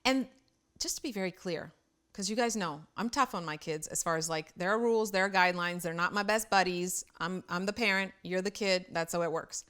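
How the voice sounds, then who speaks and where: A woman's voice: fairly low pitch, fairly quick, fairly bright tone, smooth. Blunt, chatty middle-aged woman. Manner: blunt, self-deprecating, chatty. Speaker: parenting host. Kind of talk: casual talk to camera.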